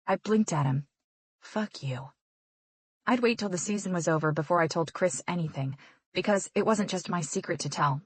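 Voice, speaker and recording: A woman's voice: low-pitched, no echo. A woman narrating a romance audiobook in first person with an intimate, reflective manner.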